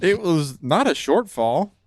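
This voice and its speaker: A man excitedly chatting about a film on a podcast, swearing a lot and laughing. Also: fairly high pitch, measured pace, no room sound, clean studio sound. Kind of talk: casual film chat.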